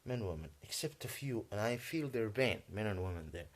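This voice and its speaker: Husky-voiced man ranting, native Arabic speaker. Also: lowish voice, animated. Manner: agitated, halting, frequent throat clearing. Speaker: vlogger. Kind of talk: rambling monologue rant.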